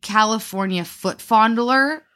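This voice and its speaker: A woman's voice: on the high side, measured pace, a bit bright. A woman co-hosting a podcast, telling a true crime story in casual chat, with frequent fillers like "um" and "like". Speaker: podcast co-host.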